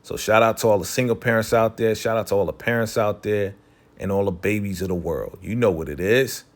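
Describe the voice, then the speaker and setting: A man with a fairly low voice talks through a TV episode recap in a loose, chatty way. He leans on "you know" and "right?", and drops into quick character voices as he retells scenes. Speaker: TV recap host.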